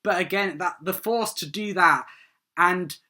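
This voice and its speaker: A man talks through a TV episode review in a loose, unscripted way. His voice is bright and forward. He fills his sentences with "um" and "like" as he works out his thoughts. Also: sits high, unhurried. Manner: rambling, full of "um" and "like", eager. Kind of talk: casual solo review monologue.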